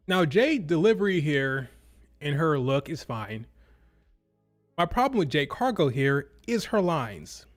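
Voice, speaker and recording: A man giving casual, opinionated commentary on wrestling, blunt and exasperated. His voice sits slightly high, and he stumbles over and repeats his words as he talks. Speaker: wrestling show reviewer.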